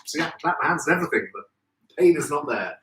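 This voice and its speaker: A man's voice: on the high side, expressive, fast, a bit bright, slight background noise. A man hosting a live stream, chatty and effusive, greeting viewers by name. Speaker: host of a live florist show. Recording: echoey room, distant from mic.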